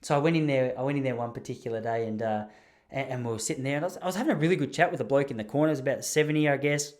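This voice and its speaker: A man's voice: mid-range voice, very fast. Give me a young Australian man hosting a podcast, rambling and self-deprecating. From Traralgon, Gippsland, Australia. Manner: rambling, self-mocking, frequent restarts. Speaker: podcast host. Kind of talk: casual storytelling.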